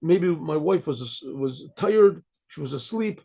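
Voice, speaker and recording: Gravelly older man telling a story. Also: fairly high pitch, expressive, takes it slowly, warm tone. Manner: frequent throat clearing, acts out quoted voices. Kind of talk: storytelling talk.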